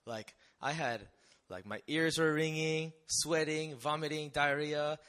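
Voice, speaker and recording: Bright-voiced man sharing a lively testimony. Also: fairly high pitch, measured pace. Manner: conversational, animated storytelling with frequent rhetorical questions. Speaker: missionary speaker. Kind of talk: testimony talk to an audience.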